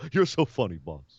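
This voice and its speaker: A man's voice: mid-range voice, breathy edge, no room sound, exaggerated voice. A dim, musclebound sidekick, as a man plays him talks in a dopey, eager voice. The audio is dry and a bit dull.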